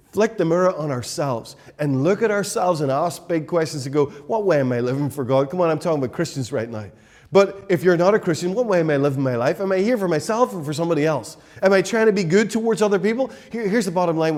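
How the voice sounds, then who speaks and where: A man's voice: a little high, expressive, quick pace, darkish tone. A man preaching a sermon as pastor, emphatic and repetitive, with many rhetorical questions.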